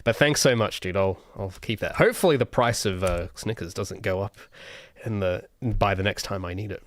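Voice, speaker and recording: A man's voice: fairly low pitch, normal speed, no echo. Rambling Australian man with dry sound. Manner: rambling, self-mocking jokes, frequent restarts. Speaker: solo game developer streaming. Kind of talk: casual livestream chat while drawing.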